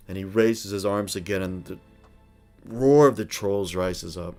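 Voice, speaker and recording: Male game master, unhurried and descriptive, deep voice. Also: darkish tone, soft background music. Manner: unhurried, descriptive, with some hesitations. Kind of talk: narrating a tabletop game.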